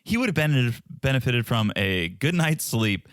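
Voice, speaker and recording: Man, from Tennessee, podcast co-host, casual chat, dry humor, animated intonation. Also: medium pitch, measured pace, no echo.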